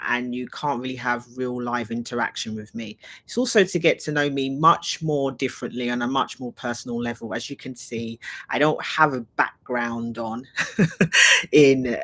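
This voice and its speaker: She has a bass voice with a fairly bright tone and an English accent. As a leadership trainer hosting a live Q&A, she rambles chattily on a live stream, thinking aloud while walking around her home.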